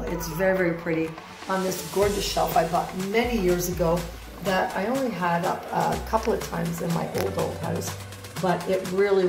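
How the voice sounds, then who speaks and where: A middle-aged woman giving a rambling, enthusiastic tour of her houseplants at home, often unsure of their names. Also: lowish voice. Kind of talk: casual home video tour. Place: home room with plants. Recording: roomy home echo with music behind.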